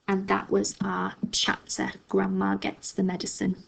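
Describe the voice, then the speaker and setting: A woman primary school teacher reading a story aloud expressively, then explaining a writing task gently to her class. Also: medium pitch, completely flat delivery, measured pace, creaky, few pauses, slightly rough.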